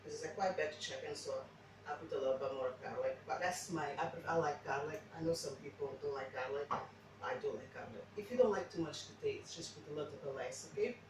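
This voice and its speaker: A woman's voice: low voice, fast, very echoey, recorded from a distance, noisy background. A woman who speaks English as a second language, chatting casually through a cooking demo with lots of restarts. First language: not English. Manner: chatty, rambling, frequent restarts. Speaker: home cook. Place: home kitchen.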